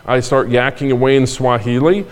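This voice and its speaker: A man's voice: mid-range voice, fairly even intonation, moderate pace. An older man, a pastor, delivering a sermon in a conversational way, with asides and repeated phrases. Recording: long hall reverb.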